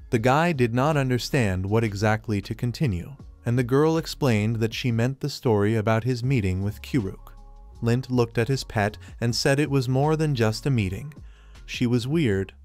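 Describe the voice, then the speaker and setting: A man narrating a manga recap in a flat, retelling manner, recounting each scene in reported speech. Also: medium pitch. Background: faint music.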